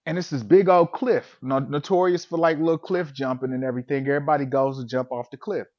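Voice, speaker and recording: A man's voice: mid-range voice, steady tone, fast talker, a little mellow, lo-fi sound. A man casually telling a comic personal story, acting out his own reactions with lots of energy.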